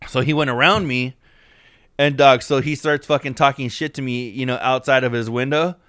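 A man's voice: medium pitch, steady tone, normal speed, a bit bright, clear, resonant tone, dry recording, clean studio sound. A man co-hosting a podcast, telling a profane, rambling story full of fillers in casual chat. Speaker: podcast co-host.

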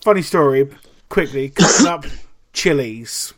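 A man on a casual podcast spins animated, profanity-laced anecdotes. His voice sits a touch high for a man. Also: a little slow, noisy background. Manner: animated storytelling, heavy swearing. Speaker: podcast co-host. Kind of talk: casual chat.

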